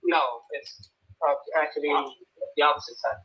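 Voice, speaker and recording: A man's voice: on the high side, little pitch movement, normal speed, sharp tone, poor audio. A man, a homeowner, asking hesitant questions about where the pool equipment will go. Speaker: homeowner client. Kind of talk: casual client meeting.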